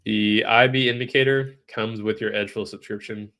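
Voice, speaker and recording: A man's voice: fairly low pitch, steady tone, normal speed, bright, forceful tone. A man with a nasal, stuffed-up voice, live-streaming trading commentary in a casual way, thinking aloud and answering chat questions.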